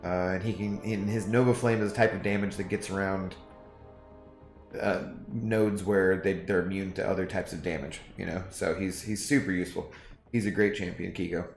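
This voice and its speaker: A man's voice: sits low, steady tone, normal speed. A man streaming a game, chatting casually to his viewers in a rambling way with frequent fillers. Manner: rambling, talks to chat with fillers. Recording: echoey room, faint music.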